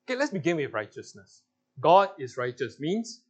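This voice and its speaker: A man's voice: a little high, big pitch swings, normal speed, a little mellow, breathy edge. A man with a Singaporean English accent leading a Bible class, playfully coaxing answers from the group and laughing often. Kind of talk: interactive Bible teaching.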